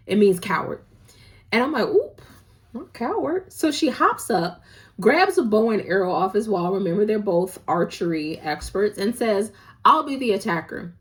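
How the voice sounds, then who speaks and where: With a mid-range voice, a woman hosts a casual drama recap, playful, gossipy and full of slang, acting out what the characters say.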